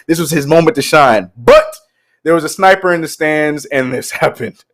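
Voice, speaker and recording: A young man co-hosts a casual sports talk show. His voice sits slightly high, and he keeps breaking into giggles mid-sentence. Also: moderate pace. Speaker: co-host.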